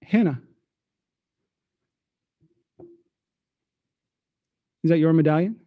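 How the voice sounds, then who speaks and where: A man's voice: on the high side, very fast, no echo, narrow, tinny audio, lightly acted. A man voicing a cunning male thief student, a con artist who mocks others with theatrical swings in tone. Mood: sly.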